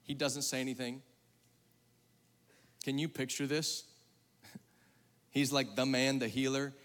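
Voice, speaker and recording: A man preaching a sermon to a live congregation, talking conversationally and calling on the audience, moving between loud emphatic bursts and hushed, low passages. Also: little pitch movement, slow. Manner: conversational, calls on the audience to raise hands. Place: large hall with a congregation. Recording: long hall reverb.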